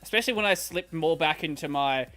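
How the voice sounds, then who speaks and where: A man's voice: on the high side, quick pace, sharp tone, soft background music. A man with an Australian accent and a slightly nasal voice, chatting casually on a live stream as he answers viewer questions, rambling with lots of fillers and restarts. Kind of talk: casual chat while reading viewer questions.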